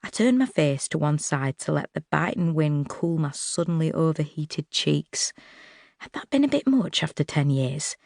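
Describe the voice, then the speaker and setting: A woman narrating a first-person novel for an audiobook, expressive and wry, close to the mic. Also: low voice, moderate pace, gravelly, no echo. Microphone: close studio mic.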